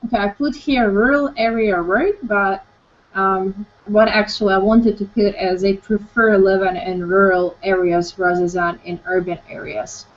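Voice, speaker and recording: A woman from Ukraine leads an online English class, asking short questions and moving the talk along. Her voice sits at a middle pitch. The call audio is dull and lo-fi. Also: steady tone, normal speed. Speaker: online language teacher.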